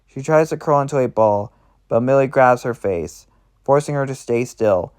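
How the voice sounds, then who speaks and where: A man narrating a roleplay aloud in a plain, steady reading voice. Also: medium pitch, moderate pace, clean tone.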